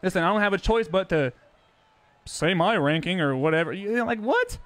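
A young man with a high, light voice streams a football video game and talks straight to his chat. He is brash and profane, quick to get defensive and brag about his record. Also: big pitch swings, fairly bright tone, no room sound. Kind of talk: casual live-stream talk to chat.

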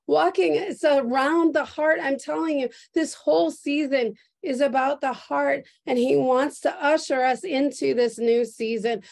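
A woman pastor preaching a prophetic sermon in a slow, earnest, emotional way, repeating her phrases, heard over a video call. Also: high voice, vocal fry, darkish tone. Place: church service streamed on video call.

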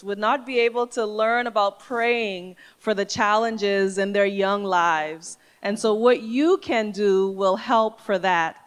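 Kobieta o gładkim głosie prowadząca nabożeństwo. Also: female voice, a little high. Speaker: church service host. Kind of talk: introducing guests and calling for an offering. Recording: long hall reverb.

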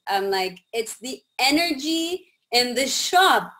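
A woman with a bright, high voice tells her stories with animated energy. She acts out each exchange with quick laughs and lots of "like" and "I'm like." It sounds like casual chat between friends. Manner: animated, acts out quoted dialogue, laughs often. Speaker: podcast guest. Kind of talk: casual storytelling.

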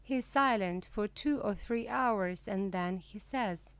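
A woman reading a humorous book aloud slowly and clearly for language learners. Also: medium pitch, no echo. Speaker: audiobook reader.

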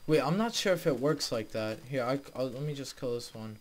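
A man's voice: mid-range voice, animated, brisk. Chatty young man narrating his gameplay. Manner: chatty, easily frustrated, talks to viewers. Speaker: gaming video host. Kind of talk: casual let's play commentary.

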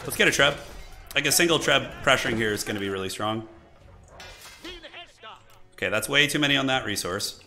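A man with a hoarse voice from a cold, commentating his own live gameplay and chatting with viewers as he plays. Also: medium pitch, expressive, a little fast, long pauses, pushed and bright, faint music behind. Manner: chatty, thinking aloud, answering viewers. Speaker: game streamer.

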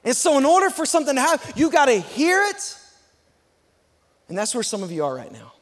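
Man preaching, very high voice, call-and-response sermon, emphatic, speeds up and slows down, long church hall echo. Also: huge pitch swings. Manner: swings between fast and slow, drawn-out emphasis. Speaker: guest pastor. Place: large church sanctuary.

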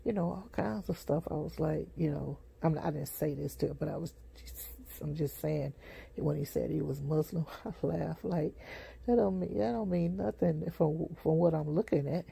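A sleepy street preacher tells a rambling testimony, full of restarts and fillers. The voice is husky and breathy with heavy gravel, and its tone is dark and mellow. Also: medium pitch. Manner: repetitive, halting, many fillers and restarts. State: sleepy, yawning.

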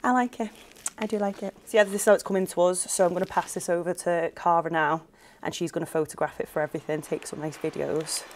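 A woman's voice: on the low side, fairly even intonation, fast, a little hiss or hum. A woman unboxing a watch to camera in a friendly, chatty way. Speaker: watch dealer staff.

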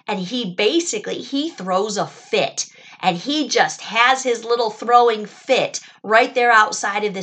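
A woman telling a Bible story to children in an animated, expressive way, pausing to explain words and add asides. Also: medium pitch.

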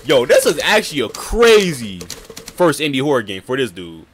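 A young man playing a horror game and commenting in a slangy, excitable way, yelling whenever he gets scared, with game music under his voice. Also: medium pitch, normal speed, a little hiss or hum. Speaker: gaming YouTuber.

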